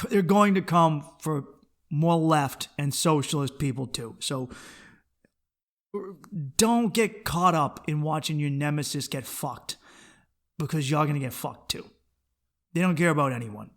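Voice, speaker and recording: This is a man with a high, bright-pitched voice, running his own podcast as a comedian. He talks in a rambling, profane comic monologue, dropping into low mutters and then jumping up into excited bursts. He often stumbles and repeats words as he restarts a thought.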